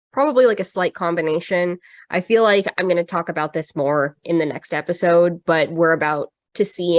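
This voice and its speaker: Low-pitched woman, thoughtful, dry sound. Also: no echo. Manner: thoughtful, rambling with fillers. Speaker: podcast co-host. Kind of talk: casual chat.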